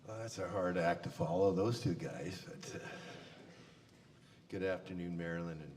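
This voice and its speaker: A man with a notably low voice delivers a eulogy in a folksy, storytelling way, leaning on fillers. His voice carries a long reverb from the hall, with faint noise underneath. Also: normal speed, a little mellow. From Canada. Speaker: eulogy speaker. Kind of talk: funeral eulogy, anecdotal. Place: funeral service hall.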